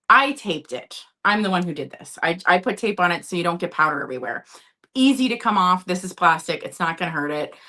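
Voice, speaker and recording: Unhurried, chatty woman hosting a live sale, laughs a lot. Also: on the low side, bright, forceful tone. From Minnesota. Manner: chatty, giggly, talks to her cat. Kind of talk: live-stream selling chat.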